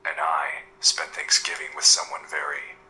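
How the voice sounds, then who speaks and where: A man voicing a brooding masked vigilante who narrates in low, hushed, terse lines in an audio drama. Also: monotone, normal speed, a little hiss or hum, heavily acted, low-quality recording. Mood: grim.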